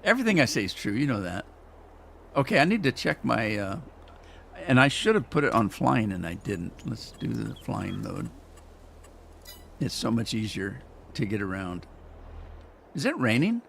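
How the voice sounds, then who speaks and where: A man's voice: on the low side, sing-song, moderate pace, gravelly, pauses often, slight background noise. Rambling man narrating his farming game. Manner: chatty, rambling, self-teasing. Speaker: gaming streamer. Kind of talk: casual gameplay commentary.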